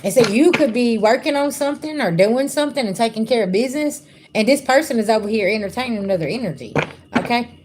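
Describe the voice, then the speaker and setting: A woman's voice: fairly high pitch, expressive, fast talker, background noise. A woman doing a livestream spiritual reading, talking bluntly and casually to her viewers. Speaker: spiritual reader. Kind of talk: livestream tarot-style reading.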